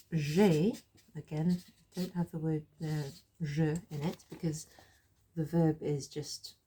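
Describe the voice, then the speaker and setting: Low, gravelly-voiced woman teaching French. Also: warm tone, slight background noise. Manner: explains slowly, repeats French phrases, laughs at herself. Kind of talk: relaxed spoken lesson.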